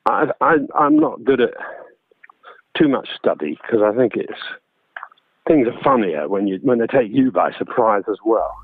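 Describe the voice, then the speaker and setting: A man's voice: fairly low pitch, animated, normal speed, slightly rough, dry recording. Guy on the phone, chatty and jokey, tinny line. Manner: chatty, self-deprecating, laughs often. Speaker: guest, voice actor and audiobook narrator. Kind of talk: casual interview chat.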